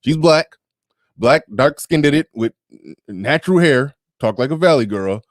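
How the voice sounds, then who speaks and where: A man as a podcast guest in casual chat, animated, laughing often and repeating words as he restarts. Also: medium pitch, unhurried, dry recording, studio quality.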